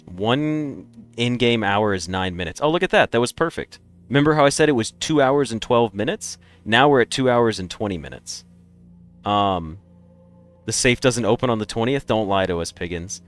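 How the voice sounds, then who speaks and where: A man's voice: mid-range voice, animated, moderate pace, faint music behind. A man streaming a game, chatting casually and rambling through opinionated takes. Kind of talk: casual live-stream chat.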